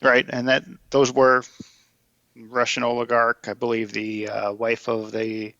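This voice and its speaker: A man's voice: mid-range voice, monotone, a little slow, fairly bright tone, no echo, highs cut off. A man co-hosting a podcast in casual chat, running through news details and checking in with "right?". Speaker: podcast co-host.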